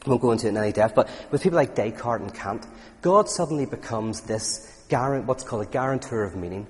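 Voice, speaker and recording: A man's voice: mid-range voice, fast. A man giving an informal lecture to an audience, telling stories with lots of restarts. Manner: animated storytelling, frequent restarts. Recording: long reverb in a hall.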